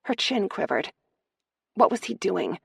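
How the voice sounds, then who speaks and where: A woman reading a romance audiobook aloud in a steady, measured narration. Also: mid-range voice, creaky, slightly rough, no echo, studio quality.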